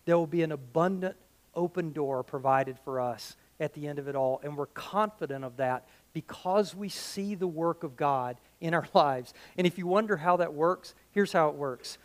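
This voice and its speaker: A middle-aged man preaching a sermon as pastor, conversational and animated, full of rhetorical questions. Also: fairly high pitch, moderate pace.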